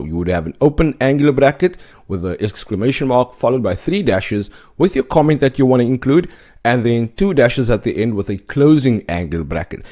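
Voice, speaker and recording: A man's voice: medium pitch, warm tone. A man narrating a web development lesson, explaining code step by step and often checking in with "okay?". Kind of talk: scripted tutorial narration.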